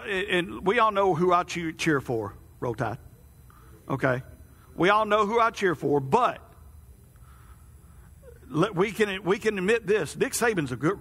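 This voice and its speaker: A pastor preaches a folksy, conversational sermon in a high, bright, husky voice, addressing the congregation like friends and asking them questions as he goes. The church hall adds a long reverb.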